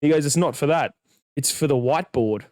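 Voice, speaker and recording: A man's voice: fairly high pitch, fairly quick, no echo, studio quality. Young man telling a wild story. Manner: animated, swears freely, acts out dialogue. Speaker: podcast co-host. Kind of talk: casual storytelling.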